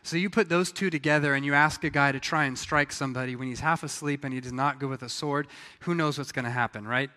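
A man preaching a sermon, telling the story in a lively way and acting out the voices of the people in it. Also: medium pitch, fast, in a large hall. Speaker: pastor.

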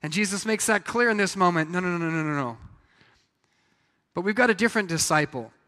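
A man preaching a sermon, telling the story in a lively way and acting out the voices of the people in it. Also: high-pitched, fairly quick, long reverb tail. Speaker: pastor.

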